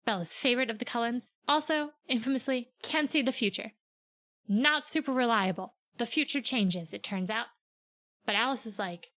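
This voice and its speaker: Bright-voiced woman recapping a novel. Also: a little high. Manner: animated, sarcastic retelling, slips into quick character voices. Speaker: podcast co-host. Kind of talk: casual book recap with acted-out quotes.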